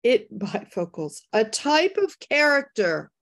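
A woman hosts a casual live webinar over a video call, her fairly high voice excitable as she reads out poll results and the chat, laughing readily.

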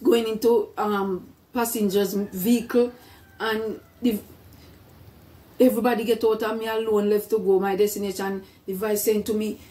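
A woman's voice: medium pitch, little pitch movement, normal speed, warm tone, distant mic. A middle-aged woman telling her personal story in a casual vlog, earnest and full of faith, often repeating her words. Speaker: vlogger.

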